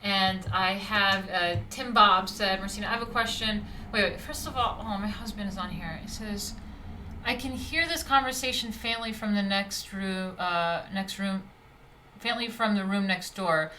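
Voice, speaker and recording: A woman from New York hosting a casual online interview, animated and quick to laugh. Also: mid-range voice. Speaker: host. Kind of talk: casual chat. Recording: echoey room, faint background hum.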